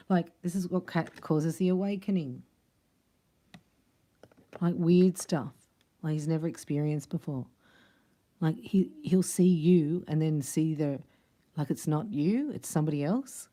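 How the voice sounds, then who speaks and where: A woman's voice: deep voice, measured pace, long pauses, warm tone. A woman doing a casual tarot reading, chatty and rambling, with frequent laughs between her thoughts. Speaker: tarot reader.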